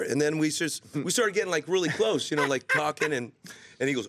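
A comedian guest in a studio, telling a lively story in casual talk-show chat. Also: male voice, brisk, very noisy. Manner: animated storyteller, slips into deep trailer-voice impressions. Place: radio studio.

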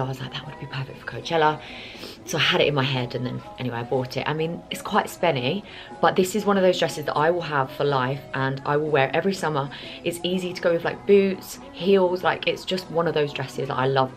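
A British woman in her twenties chatting casually to her phone camera in a rambling vlog, full of ums and likes. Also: deep voice. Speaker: vlogger.

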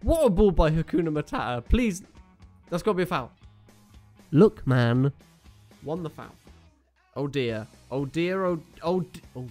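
A young gaming YouTuber gives casual live commentary on his own football video game, joking, groaning and cheering at each play. His fairly high voice is expressive and a little mellow, unhurried with long pauses, and faint music plays behind him.

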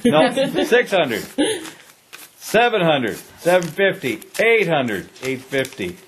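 Lively joking radio host, higher-pitched man. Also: slow pace, a little hiss or hum. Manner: jokey, teasing, loud counting out cash. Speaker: radio morning show host. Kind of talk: on-location radio giveaway banter.

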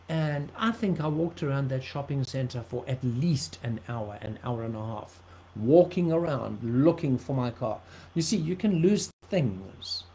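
A man's voice: fairly high pitch, mellow, rough recording. A man from South Africa preaching an earnest livestream sermon, often repeating words for emphasis.

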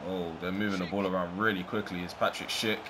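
A man giving live, excitable commentary over his own video game match, swearing and reacting as he plays. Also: sits low, quick pace, background noise. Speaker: gaming YouTuber.

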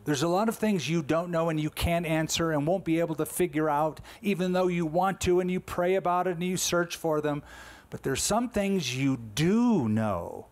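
A man's voice: fairly high pitch, moderate pace. A man in his sixties, a pastor delivering a conversational, emphatic sermon full of rhetorical questions.

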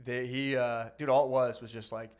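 Mid-pitched male co-host, loose crude storytelling, casual banter. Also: moderate pace, clear, resonant tone. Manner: crude, rambling, animated storytelling. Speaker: podcast co-host. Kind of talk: casual chat.

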